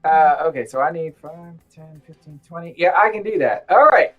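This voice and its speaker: A woman's voice: low voice, lively intonation, normal speed, narrow, tinny audio, soft background music. A woman playing a tabletop game, chatty and wry. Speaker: player.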